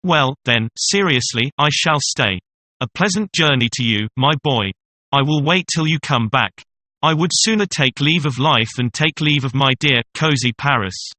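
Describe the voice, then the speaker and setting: A sharp-tongued young mistress who mocks her older lover, read by a man. The voice is bright and clear, with a teasing, scornful edge. It is told as a classic audiobook tale. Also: mid-range voice, expressive, moderate pace, dry recording. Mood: mocking. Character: young woman, mocking kept mistress. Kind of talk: audiobook reading.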